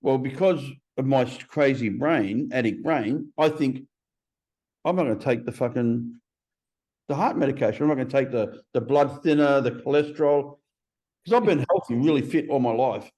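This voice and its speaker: A man in his fifties, a podcast guest telling stories in a blunt, profane, animated way. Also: medium pitch, normal speed. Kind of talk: casual interview storytelling.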